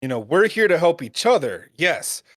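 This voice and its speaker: A man's voice: fairly high pitch, very animated, normal speed, fairly bright tone, no echo, studio quality. A man co-hosting a podcast, speaking earnestly about faith and family in casual chat. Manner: earnest, preachy, talks about faith and wives. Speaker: podcast co-host.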